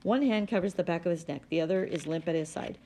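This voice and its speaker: A woman reading a novel aloud in a steady, plain manner. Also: fairly low pitch, quick pace, a little hiss or hum. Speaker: audiobook reader.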